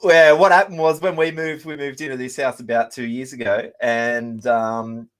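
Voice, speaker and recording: A man in his thirties with an Australian accent, a musician and show host, chats casually in a mid-range, fairly bright voice with fairly even intonation at normal speed. He rambles through stories full of ums and laughs.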